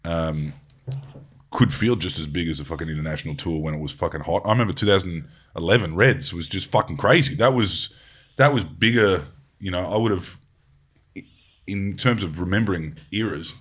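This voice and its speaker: A man's voice: deep voice, normal speed, a bit bright, husky. An Australian man hosting a podcast, rambling and swearing freely in casual chat, with frequent "you know"s. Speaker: podcast host.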